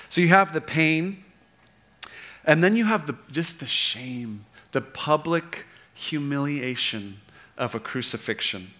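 A man's voice: medium pitch, pushed and bright. A man preaching a sermon, earnest and unscripted, with frequent fillers and restarts.

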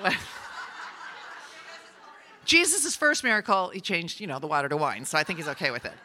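A woman's voice: mid-range voice, bright, forceful tone. An older woman, a grandmother, speaking to a women's gathering in a chatty, personal sermon style that teases the audience now and then.

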